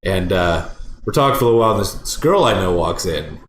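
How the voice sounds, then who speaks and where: A man's voice: low voice, animated, quick pace, roomy sound, a little hiss or hum. A man casually telling a rambling, profane story on a podcast, acting out the people in it.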